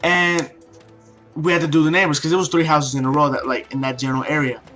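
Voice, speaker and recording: A man's voice: a little high, flat delivery, fast talker, fairly bright tone, soft background music. A young man of Mexican heritage telling a rambling, profane story, with many restarts and fillers. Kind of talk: casual rant-style story.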